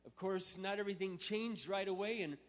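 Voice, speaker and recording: A man's voice: high-pitched, brisk. Man preaching in a reverberant hall. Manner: swings from quiet intimate storytelling to loud emphatic preaching. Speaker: pastor. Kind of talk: sermon storytelling. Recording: muffled sound with long hall reverb.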